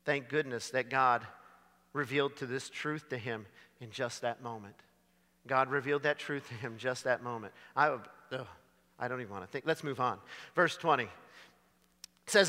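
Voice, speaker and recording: A man preaching a dramatic sermon, swinging from loud to hushed. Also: mid-range voice, normal speed, big-room sound.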